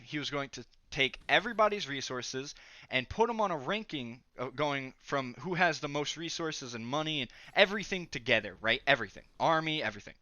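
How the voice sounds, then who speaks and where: A man's voice: medium pitch, bright, forceful tone, no room sound, muffled recording. A young man telling a long story from his school days, chatty and rambling, full of fillers and asides. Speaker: storytelling vlogger. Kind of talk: casual storytime narration.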